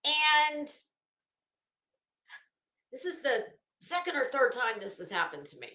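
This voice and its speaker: A woman's voice: high voice, big pitch swings, slow pace, sharp tone. A woman streaming and chatting casually, rambling with many restarts and fillers. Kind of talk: casual chat. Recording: echoey room.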